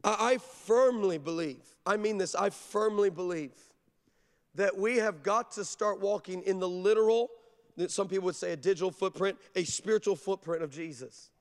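Man, pastor, high voice, emphatic sermon, long church hall echo. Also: normal speed. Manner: energetic, emphatic storytelling preacher. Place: large church.

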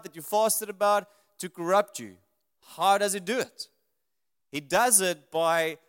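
A man's voice: high-pitched, a bit bright, clean tone. A man preaching a sermon to a live congregation, earnest, building emphasis through repeated lists.

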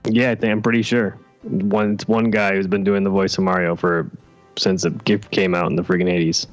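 A man with a fairly low voice chats casually on a comedy podcast. He makes his points in a plain, matter-of-fact way, with faint music behind him. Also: little pitch movement, a little fast, muffled recording.

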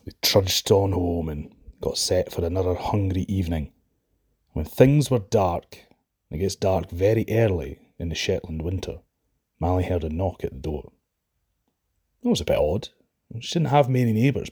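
A man with a Scottish accent telling a Shetland folk tale in a lively, expressive way. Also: fairly low pitch, breathy edge. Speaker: storyteller.

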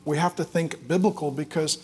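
A man preaching a sermon, telling a personal story with big swings from loud, joking delivery to quiet, tender prayer. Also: on the high side, fairly even intonation, a little fast, breathy edge. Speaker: pastor.

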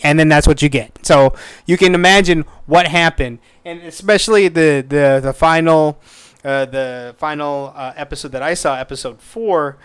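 A man's voice: a little high, unhurried, clean tone, no echo, clean studio sound. A man hosting his own podcast, rambling casually with lots of profanity, stumbling over words and getting exasperated. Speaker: podcast host. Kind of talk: casual solo podcast review.

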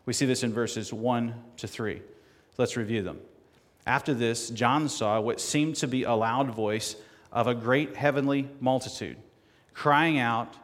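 Male preacher, mid-pitched, sermon and scripture reading, long church reverb. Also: steady tone, measured pace. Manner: rising to loud emphatic reading of scripture. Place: church sanctuary.

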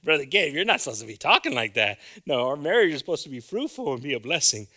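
A man's voice: big pitch swings, quick pace, heavily acted. A male preacher putting on the voice of a distressed churchgoer who cries out in protest. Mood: upset. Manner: crying out, high and loud.

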